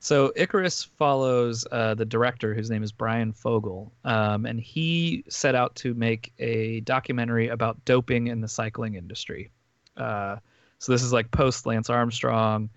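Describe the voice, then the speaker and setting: A man in casual podcast chat, talking through a story in loose, filler-heavy runs and restarting his sentences often. His voice sits at an ordinary pitch. The sound is dry and a little muffled. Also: moderate pace, no echo. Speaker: podcast host recapping a documentary.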